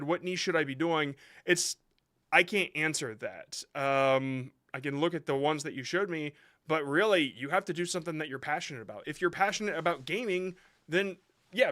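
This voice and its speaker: A man hosting a live stream, reviewing short videos sent in by viewers. His voice is slightly high and very bright. He rambles in a casual way, thinks aloud and reassures his viewers as he goes.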